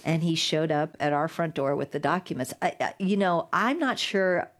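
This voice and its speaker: Low-voiced lady guest telling long stories in an interview, animated, does little voices for people. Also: normal speed. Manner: animated storyteller, acts out quoted voices. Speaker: guest, digital rights lawyer. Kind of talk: conversational interview storytelling.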